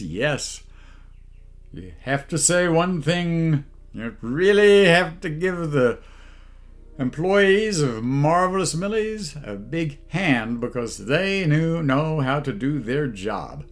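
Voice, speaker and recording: A man hosting a comedy channel, talking down to his viewers in a haughty, put-on posh voice as a mock-pompous monologue. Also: on the high side.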